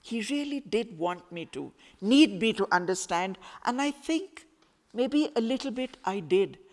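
A woman author reads her novel aloud, slowly and expressively, letting each phrase breathe. She is in a school hall, and a long reverb trails after her voice. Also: on the high side. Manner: slow, expressive storytelling.

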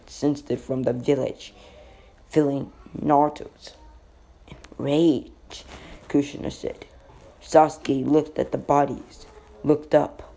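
A slow, rambling male storyteller with a dark, gravelly voice, making up a fan-fiction story as he goes. He pauses often and stumbles over words. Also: a little high. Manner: halting, rambling delivery with slips. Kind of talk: improvised fan-fiction narration.

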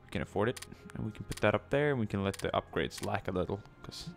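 A man's voice: on the low side, expressive, fast talker, creaky, soft background music. A man giving casual gameplay commentary, chatty, with many ums and joking asides. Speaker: let's play gamer.

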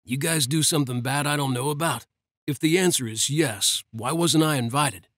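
A man voicing a lazy, wisecracking brother who mutters his jokes deadpan. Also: on the high side, moderate pace, no room sound, clean studio sound.

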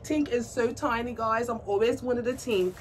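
Talking to camera as she unboxes a doll, a woman squeals and gushes excitedly to her viewers. Her voice is a little high and her speed normal. A distant microphone picks up faint background noise.

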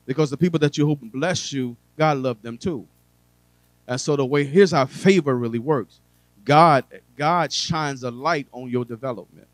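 A preacher giving a sermon to a congregation, talking conversationally with humor and asides, swinging between quiet drawn-out phrases and loud emphasis. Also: male voice, mid-range voice, dry recording, poor audio.

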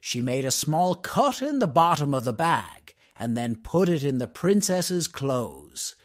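A man narrating a storybook for English learners, reading slowly, clearly and expressively. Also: a little high, big pitch swings, dry recording, studio quality.

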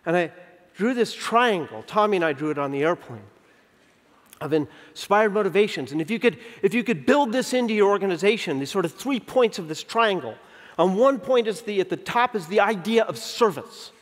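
A man in his fifties giving a conference keynote. He tells stories in an animated way, acts out the dialogue, and slows down to stress key points. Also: high-pitched. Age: 50s. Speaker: keynote speaker. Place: large conference venue. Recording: long reverb of a big hall.

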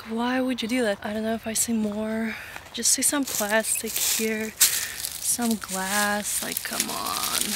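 Woman vlogger, outdoors, ranting and chatty, noisy outdoor recording. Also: fairly high pitch. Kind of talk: casual outdoor vlog. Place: outdoors in a park. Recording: outdoor noise. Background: birds and outdoor ambience.

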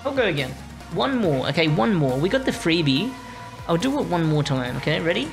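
Gravelly Australian woman streaming a game. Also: on the low side, sing-song, fairly quick, music in the background. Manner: rambling, apologetic, talking to chat while playing. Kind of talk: casual live-stream chat.

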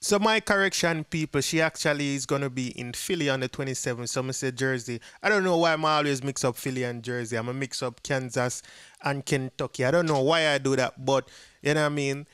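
A man's voice: mid-range voice, fairly quick, fairly bright tone, smooth, dry recording. A man with a Jamaican accent giving a casual commentary to viewers, chatty and mixing patois with English. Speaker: dancehall gossip vlogger.

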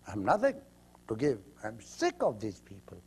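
A man's voice: fairly low pitch, wildly swooping pitch, moderate pace, a little mellow, husky, full character voice. A man voicing a tired woman who complains in a lecture story that monks have taken her food. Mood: fed up. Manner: exasperated complaint. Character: tired angry woman refusing a monk.

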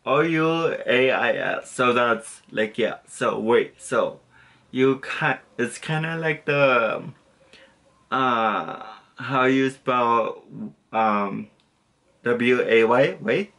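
A man's voice: mid-range voice, lively intonation, drawn-out words, gravelly, a bit bright. A young man casually teaching a basic lesson, rambling and correcting himself with lots of fillers and apologies. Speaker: language tutor.

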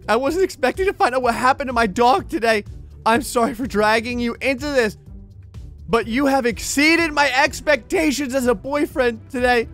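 A man giving excitable let's-play commentary on a video game, often breaking into laughter. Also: extremely high pitch. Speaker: gaming YouTuber.

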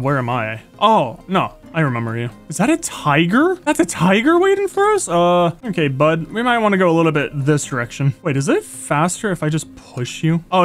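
Excitable young man with high voice. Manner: excitable, talks to animals and mobs, frequent gasps and yelps. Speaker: gaming YouTuber. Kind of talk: live gameplay commentary. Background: faint game music.

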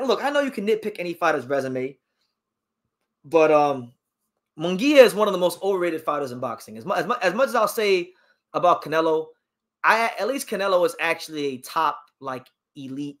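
A man's voice: a little high, a bit bright. A man hosting a boxing talk stream, reading chat questions and giving strong opinions, often repeating words as he gets worked up. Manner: emphatic, opinionated, repeats words when fired up. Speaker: boxing talk show host. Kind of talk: live-stream boxing commentary answering chat.

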